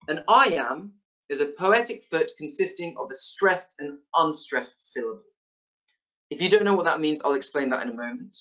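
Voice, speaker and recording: A man teaching a casual literature lesson, relaxed, with many fillers and restarts. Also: a little high. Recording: slightly dull lo-fi sound.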